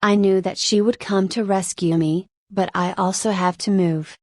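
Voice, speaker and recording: A woman narrating a first-person light novel audiobook in a steady, measured reading. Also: medium pitch, dry recording.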